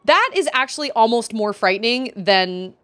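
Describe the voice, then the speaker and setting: A young woman streaming a video game, chatting playfully with quick asides. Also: on the high side, lively intonation, bright, forceful tone. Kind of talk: casual gaming stream chat.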